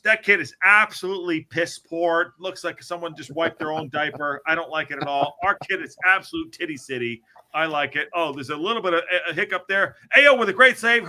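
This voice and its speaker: A man hosting a podcast, calling match highlights in an excitable, joking play-by-play with some swearing. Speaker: podcast host. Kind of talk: casual match commentary.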